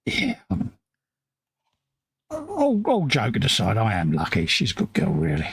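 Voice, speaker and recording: A man from the UK co-hosts a live stream in a relaxed, jokey way, often slipping into voices when he quotes people. His voice is gravelly and husky, and it swings widely in pitch. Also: measured pace, dry recording, clean studio sound. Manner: jokey, self-mocking, acts out quoted voices. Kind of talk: casual chat.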